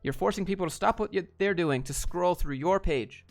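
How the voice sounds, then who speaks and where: A man's voice: high voice, fairly quick, gravelly, soft background music. A young man on a livestream who reads viewer questions aloud and answers them bluntly in a laid-back, casual way. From Georgia, US. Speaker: streamer answering chat.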